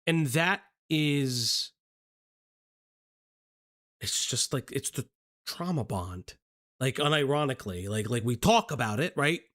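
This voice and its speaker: A man hosting a commentary show in casual talk, halting, with many ums and restarts. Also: medium pitch, lively intonation, fairly bright tone.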